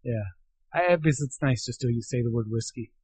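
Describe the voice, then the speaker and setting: A man's voice: medium pitch, moderate pace, a little mellow, slightly rough, no room sound. An older man and grandfather co-hosting an aviation podcast in casual chat, joking and sounding out radio call signs. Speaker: podcast co-host.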